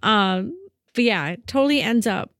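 A woman co-hosting a podcast, chatting casually about a movie, animated and full of "like" as she acts out lines. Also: mid-range voice, normal speed, dry recording, clean studio sound. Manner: animated, lots of "like", acts out quotes. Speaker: podcast co-host. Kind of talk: casual film discussion.

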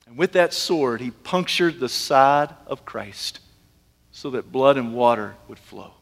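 A man preaching a sermon as a pastor, an animated, humorous storyteller who dramatizes scenes for his congregation. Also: mid-range voice, measured pace, vocal fry. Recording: echoey hall.

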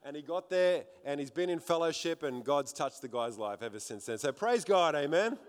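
A high-voiced male pastor preaching with fervour to a congregation. He often repeats words as he builds toward a point. His voice carries a long reverb from the church hall. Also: expressive, normal speed, smooth. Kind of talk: sermon.

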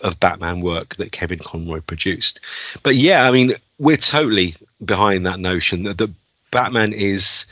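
Brief: male podcast co-host, bright and forceful voice, rambling eager film talk, dry lo-fi recording. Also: sits low, no echo. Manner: enthusiastic, rambling with fillers. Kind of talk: casual film chat. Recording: dull, dry lo-fi sound.

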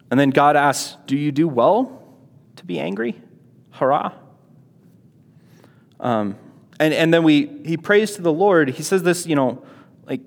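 A man's voice: fairly high pitch, animated, measured pace, long pauses. Man teaching in a reverberant hall. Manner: conversational, rhetorical questions, many fillers. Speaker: Bible teacher. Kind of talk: casual Bible lesson with reading aloud.

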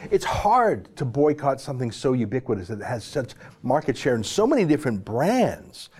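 A Canadian man hosting a talk show, measured and opinionated as he responds and comments. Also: mid-range voice, big pitch swings, darkish tone, breathy edge. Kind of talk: broadcast talk.

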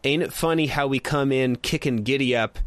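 A man's voice: mid-range voice, normal speed, dry recording. A man co-hosting a casual music review chat, rambling with lots of fillers and frequent laughs. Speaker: podcast co-host.

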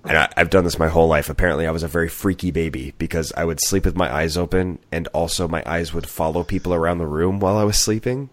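A man's voice: low voice, quick pace, few pauses. A man co-hosting a podcast, chatting casually and stammering his way into anecdotes. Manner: relaxed storytelling, stammers into anecdotes. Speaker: podcast co-host. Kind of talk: casual chat.

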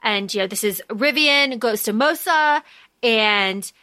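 Woman co-host, bright and a little high, animated plot recapper, dry close mic. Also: no room sound. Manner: animated, recaps plot in quick bursts with quoted voices. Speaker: podcast co-host. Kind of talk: casual book-discussion chat.

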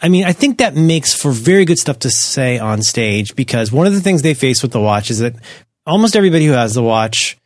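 Male podcast co-host, mid pitch, lively and skeptical, self-mocking, dry close-miked sound. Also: a little fast, no room sound. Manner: animated, skeptical, self-deprecating asides. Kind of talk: casual tech podcast chat.

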